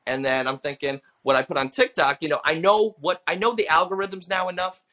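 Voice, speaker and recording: A man's voice: fairly high pitch, brisk. A man in his thirties, a comedian telling stories on a casual podcast, acting out the people he quotes. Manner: animated storyteller, acts out quoted people. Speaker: comedian and impressionist guest.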